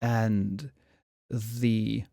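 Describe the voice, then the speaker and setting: A man narrating a tabletop horror game as game master, slow and suspenseful with hesitations. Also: fairly low pitch, flat delivery, vocal fry, mellow, dry recording, clean studio sound.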